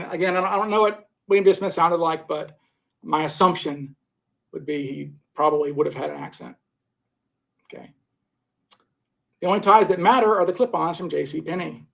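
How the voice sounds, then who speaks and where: A man with a high-pitched, gravelly voice hosts a live stream, reading viewer comments in a casual way. While scoring suspects he rambles, restarts and repeats himself.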